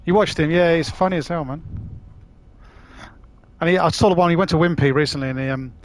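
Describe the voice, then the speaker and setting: A man's voice: a little high, fairly even intonation, a little fast. A man chatting casually on a live stream while playing, laughing often and swearing freely.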